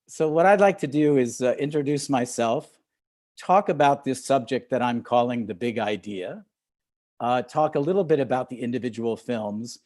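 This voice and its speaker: A man's voice: medium pitch, a little mellow. An older man, a film director, addressing an audience over a video call, hesitant, with frequent fillers, restarts and chuckles. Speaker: film director, guest speaker. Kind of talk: relaxed talk on a video call.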